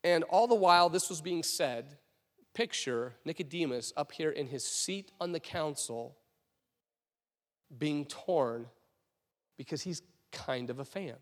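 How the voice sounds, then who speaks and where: A male pastor with a high voice delivers a sermon in a loose, conversational way. He stumbles over and restarts phrases as he tells the story. A long reverb fills the hall around him. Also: animated, a little slow, pauses often.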